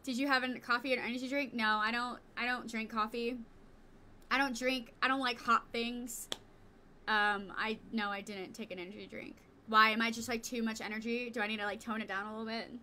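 A young woman streaming a video game, chatting casually with viewers, excitable and quick to swear and yell in frustration. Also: a little high, a little hiss or hum. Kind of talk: casual live-stream chat while gaming.

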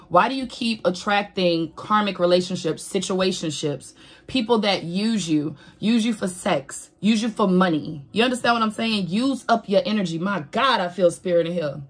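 A woman gives a casual spiritual reading to her viewers. She is animated and preachy, cusses freely and keeps asking if they understand her. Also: lowish voice, normal speed. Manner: animated, preachy, swears and laughs, talks straight to viewers. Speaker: tarot reader.

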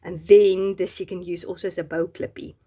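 A woman's voice: fairly low pitch, flat delivery, brisk, warm tone. A woman casually showing and using Bible journaling craft supplies, gushing over each item. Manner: gushing, admiring every item.

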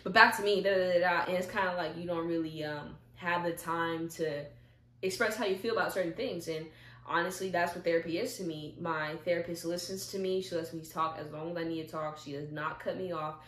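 Young woman vlogger, lowish voice, animated storyteller, echoey room. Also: fairly quick. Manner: animated storyteller, acts out little dialogues. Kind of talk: casual talk to camera. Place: at home, seated in a chair.

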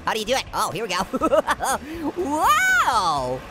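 A woman's voice: high voice, wildly swooping pitch, slow, loud music behind the voice. A woman hosting a gaming video, giving playful commentary with lots of giggling and puns as she teases the character on screen. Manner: giggly, punning, teasing the game character. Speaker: gaming host. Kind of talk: playful let's-play commentary.

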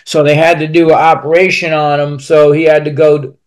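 A man's voice: fairly high pitch, flat delivery, moderate pace. A man with a slightly raised voice recounts his own life as a podcast guest. He speaks bluntly and profanely, rambling through his story and restarting sentences as he goes. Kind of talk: candid personal storytelling.

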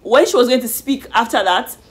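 A woman chatting casually in a lively, animated way as she reviews a reality show. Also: on the high side, fairly quick. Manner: lively, animated retelling with slang. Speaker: YouTube reviewer.

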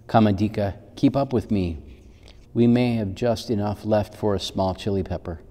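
A man's voice: on the low side, normal speed, mellow, in a large hall, lightly acted. A man voicing a busy, worried mother in a storybook, with a sighing, exasperated manner. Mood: fretful.

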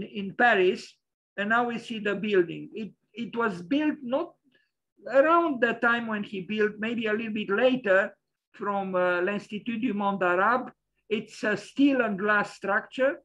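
A man's voice: sits high, a bit bright, poor audio. A man giving an opinionated lecture over slides, hesitant and full of fillers.

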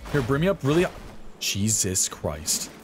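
A young man giving live gameplay commentary, excitable and often yelping and swearing at enemies. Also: mid-range voice, normal speed, faint music behind. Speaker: streamer.

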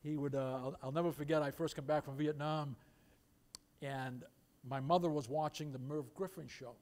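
An older man preaches in a church, his voice sitting high for a man. He drops to soft, intimate storytelling and then climbs to loud, fervent declarations. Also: fairly even intonation, normal speed. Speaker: pastor. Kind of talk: sermon with storytelling. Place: church sanctuary.

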